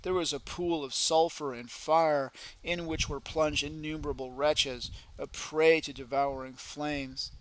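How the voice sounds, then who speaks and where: A man giving a solemn, deliberate devotional reading aloud. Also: a little high, fairly even intonation, fairly bright tone, poor audio. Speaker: reader.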